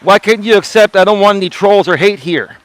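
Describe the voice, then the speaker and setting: A man with a high voice lectures his live stream audience while walking outdoors. He sounds indignant and repeats his points. The sound is dry and close, with little room around it. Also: brisk, fairly bright tone, no echo. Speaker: life coach streamer.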